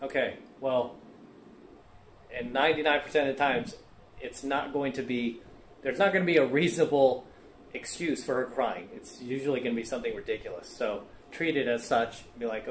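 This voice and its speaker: A man lectures his audience on dating in a blunt, preachy way, often tagging his points with a quick "right?" or "okay?". He is recorded in an echoey room with faint ambient noise behind him. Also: medium pitch. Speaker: dating coach reacting to a clip. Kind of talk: casual commentary monologue.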